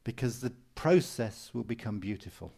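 A man's voice: medium pitch, expressive, normal speed, gravelly, dark tone. A man preaching a sermon in an earnest, encouraging way, repeating phrases for emphasis. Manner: mimics people for humor with raised voice.

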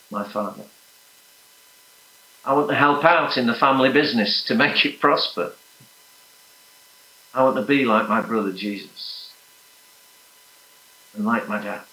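A man preaching a sermon, earnest and emphatic, sometimes dropping to soft, hushed prayer. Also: fairly low pitch, roomy sound, rough recording.

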